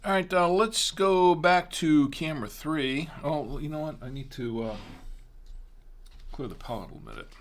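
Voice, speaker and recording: A middle-aged man hosting a wine tasting show, chatting casually and haltingly, sometimes talking while chewing. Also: fairly high pitch, lively intonation, a little hiss or hum.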